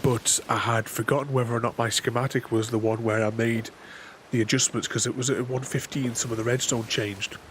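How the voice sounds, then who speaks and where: Against steady game noise, a channel host with a mid-range voice delivers casual gameplay commentary a little fast. He rambles, keeps interrupting himself to restart sentences, and chuckles to himself.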